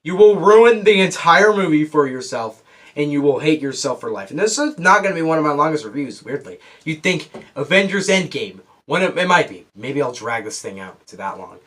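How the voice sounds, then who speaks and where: A teenage boy giving a casual, rambling movie review, excitable and full of restarts. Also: fairly high pitch, brisk. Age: teens.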